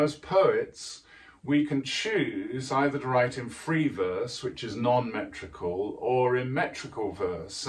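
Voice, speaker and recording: A man teaching how to write poetry, explaining things in a measured way and stressing words with care. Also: mid-range voice, recorded from a distance. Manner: measured, deliberate delivery with careful emphasis. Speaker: writing teacher.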